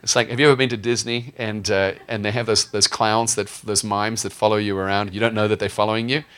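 A man's voice: lowish voice, steady tone, fast talker, a bit bright, smooth. A male pastor preaching a sermon in a conversational, humorous way, often asking the congregation questions.

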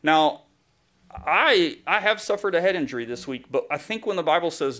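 A man's voice: on the high side, expressive, normal speed, bright, forceful tone. A male pastor giving a conversational sermon, telling a story with self-deprecating humor and a casual delivery full of fillers.

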